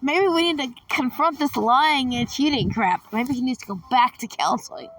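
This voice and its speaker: A woman's voice: high voice, moderate pace, a bit bright, far from the mic. A woman with a cold, chatting casually and reading a chatbot game's lines aloud with a laugh. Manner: chatty, laughs often, calls out characters. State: has a cold. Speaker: gaming vlogger.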